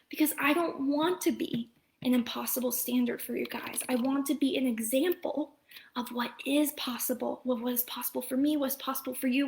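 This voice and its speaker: Her voice is high-pitched and creaky. A mom coach in her thirties and heavily pregnant, she addresses Facebook Live viewers earnestly, rambling through lots of fillers and restarts and often sinking into a soft whisper.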